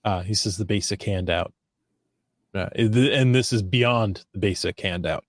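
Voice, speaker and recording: A man's voice: fairly low pitch, a little slow, no room sound, studio quality. A man hosting a casual podcast chat, talking loosely with restarts and easy laughter. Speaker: podcast host.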